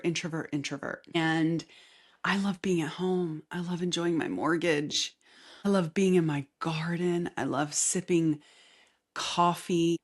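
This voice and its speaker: A woman hosting a casual solo podcast with a light Southern accent, chatty and rambling, often laughing and dropping into soft asides. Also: sits low. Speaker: podcast host. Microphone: camera mic facing the speaker.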